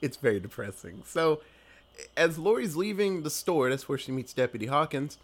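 A young man chats loosely through a horror movie plot, his voice sitting a little high for a man. He swears freely, laughs often and drops into quick impressions of the characters. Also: very animated. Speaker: podcast co-host recapping a movie. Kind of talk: casual movie recap chat.

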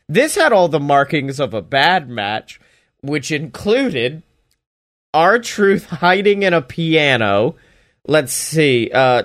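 A man's voice: fairly high pitch, fairly bright tone. A man giving a casual, sarcastic recap of a wrestling show, laughing as he mocks it. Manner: sarcastic, mocking, laughs while talking.

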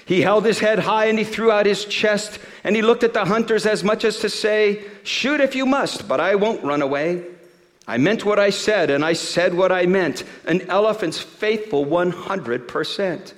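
A man giving a sermon, reading a rhyming story aloud in a rhythmic, expressive way before turning to scripture. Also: high-pitched, moderate pace, in a large hall. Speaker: pastor.

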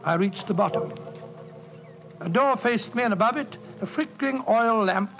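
An upright doctor narrates his night search with earnest, measured drama. His voice sits fairly high and clear. The sound is muffled like an old radio broadcast, with faint music beneath. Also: expressive, heavily acted.

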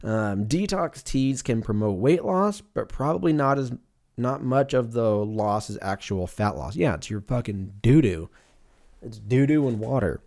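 A man's voice: medium pitch, lively intonation, a little slow, darkish tone. A man, hosting a solo podcast in a rambling, profane, jokey way and laughing at his own tangents. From US West Coast. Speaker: podcast host. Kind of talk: casual solo podcast monologue.

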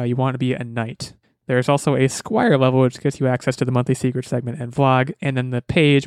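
A man's voice: mid-range voice, darkish tone, smooth, dry recording. Upbeat man hosting a gaming podcast. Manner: rambling, self-correcting, upbeat. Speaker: podcast host. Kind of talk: casual podcast chat.

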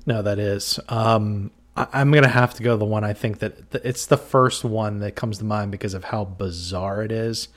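A man hosting a casual film-review podcast, relaxed and laughing often as he retells scenes. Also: on the low side, normal speed, hardly any pauses. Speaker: podcast host. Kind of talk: casual chat.

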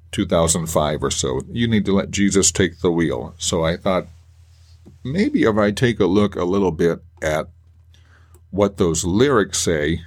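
A man hosting a faith podcast, talking earnestly and emotionally with halting restarts. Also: low voice. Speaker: podcast host. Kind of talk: personal faith podcast monologue.

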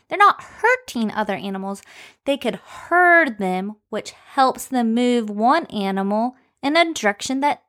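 Slow, sing-song woman teaching children. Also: a little high, fairly bright tone. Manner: slow, stretched-out phonics sounds. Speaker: children's podcast host and teacher.

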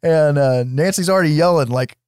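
A man co-hosting a casual podcast, retelling a movie scene by scene with lively, laughing energy and some swearing. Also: on the high side, brisk, smooth, no room sound, clean studio sound. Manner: animated storytelling, acts out quotes with laughs, swears. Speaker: podcast co-host. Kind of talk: casual film recap chat.

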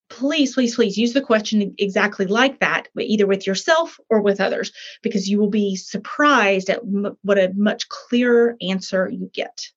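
A woman's voice: mid-range voice, normal speed, fairly bright tone, muffled recording. A woman author and coach explaining her problem-solving method in a chatty, emphatic way, acting out little scenes as she goes. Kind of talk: animated talk explaining a method.

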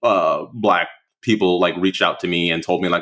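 A man's voice: deep voice, steady tone, normal speed, fairly bright tone. A young man talking casually as a guest, rambling with many fillers and restarts. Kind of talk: casual conversation.

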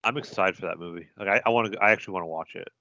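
Low-voiced opinionated podcast man. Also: rapid-fire, sharp tone, a little hiss or hum. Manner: opinionated, chatty. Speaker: podcast co-host. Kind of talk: casual chat.

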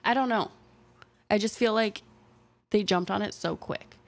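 Her mid-range voice carries vocal fry and an unhurried pace as she casually tells a true-crime story for a podcast she co-hosts. Animated and acting out the quotes, she is an adult with a young son.

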